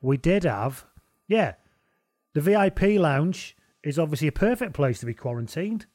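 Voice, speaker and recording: A man's voice: on the high side, sing-song, moderate pace, darkish tone, no echo, studio quality. A young man co-hosting a podcast, joking, swearing and reading out listener messages in casual chat. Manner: sweary, jokey, reads listener messages aloud. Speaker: podcast co-host.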